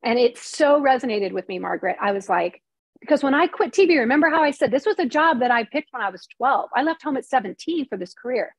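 This middle-aged woman, once a TV reporter, talks fast in a high voice with lively intonation, recorded without any room sound. Recounting a personal story in an interview, she's open and emotional and acts out others' words to her.

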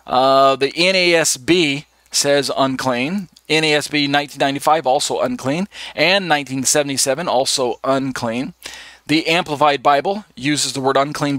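A man's voice: medium pitch, a bit bright, no room sound. A man teaching a live online Bible study, working methodically through translations with frequent fillers. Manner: methodical, reads list aloud with many fillers.

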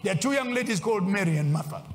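A man preaching a sermon as a bishop, swinging between loud exclaims and low asides. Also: animated, very fast. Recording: long hall reverb.

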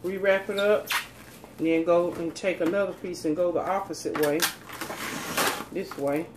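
A woman's voice: lowish voice, fairly even intonation, normal speed, heavy background noise. A woman, chatting folksily to viewers as she demonstrates cooking in her home kitchen. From North Carolina, USA. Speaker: cooking channel host.

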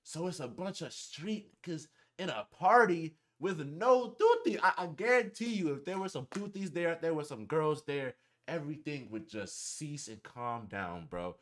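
A young man telling a casual storytime on his channel, animated and heavy on profanity and slang. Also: a little high, moderate pace. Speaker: vlogger.

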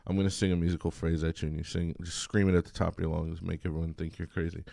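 Man, very low voice, gravelly, mellow tone, casual college lecture. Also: fast, no room sound, studio quality. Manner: relaxed and chatty, sings examples. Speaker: college music instructor. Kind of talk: recorded lecture.

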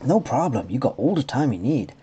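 A man's voice: medium pitch, very animated, fairly quick, dark tone, slightly rough, voice pushed up. A man putting on a silly foreign-sounding voice for an eager young male game server owner. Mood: eager welcoming.

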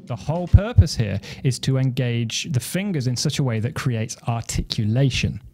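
A man's voice: medium pitch, expressive, normal speed. A man teaching snare drum technique, explaining step by step and counting beats aloud. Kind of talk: instructional demonstration. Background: snare drum playing.

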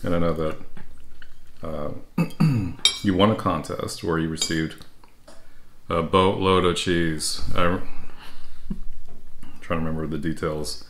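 An American man co-hosting a casual food-tasting chat, speaking hesitantly, with many pauses. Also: sits low, fairly even intonation, slight background noise. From United States. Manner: hesitant, with frequent ums and restarts. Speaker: co-host.

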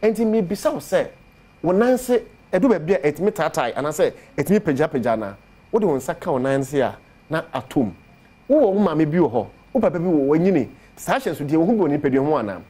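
Ghanaian man, fairly high voice, persuasive TV product pitch, repeats key phrases. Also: very animated, quick pace, mellow, breathy edge. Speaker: herbal medicine presenter. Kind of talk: promotional talk on TV show.

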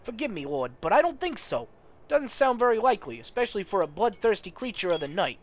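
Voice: mid-range voice, sing-song, fast, voice pushed up, close to an everyday voice. A player voicing a cynical young vampire woman who talks in a profane, sarcastic way. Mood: wry. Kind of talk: voicing game dialogue.

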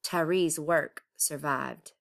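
A woman's voice: low-pitched, takes it slowly, vocal fry, fairly bright tone. A woman, an art teacher, reading a picture book aloud expressively, chanting its rhyming refrains. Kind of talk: storybook read-aloud.

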